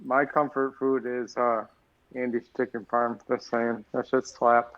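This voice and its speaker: A man's voice: mid-range voice, little pitch movement, measured pace. A young man co-hosting a podcast, telling crude, laid-back stories in casual chat. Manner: profane, laid-back storyteller. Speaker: podcast co-host. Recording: dull lo-fi mic.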